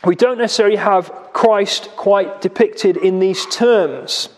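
A man's voice: high-pitched, unhurried, big-room sound. A man preaching a sermon in a church, explaining a passage with rhetorical questions and vivid retelling.

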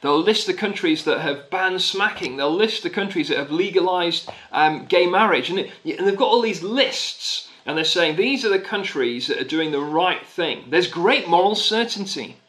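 A man's voice: high-pitched, animated, normal speed, hardly any pauses, a bit bright, poor audio. A man preaching a sermon in a conversational, emphatic way, repeating key phrases and often restarting sentences. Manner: conversational with frequent restarts and fillers.

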